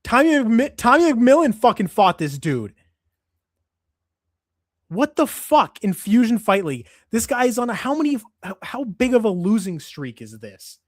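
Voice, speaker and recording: A man's voice: very high voice, big pitch swings, moderate pace, no echo, studio quality. A man hosting a casual MMA livestream, ranting in a profane, exasperated way. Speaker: MMA show host.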